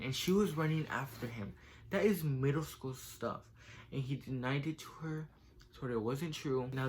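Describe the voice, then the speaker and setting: A man's voice: medium pitch, slight background noise. A young man casually telling a personal story in a vlog, filling his talk with "like" and "right?", getting emotional and tearful as he goes on. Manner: casual, fills speech with "like" and "right?". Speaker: vlogger.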